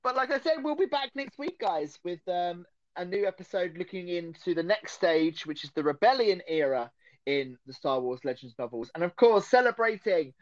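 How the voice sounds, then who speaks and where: A man's voice: sits high, expressive, moderate pace, no echo, lo-fi sound. Giggly man with an Essex accent. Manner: giggly, playful, frequent laughter. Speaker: podcast host. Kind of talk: casual live-stream chat.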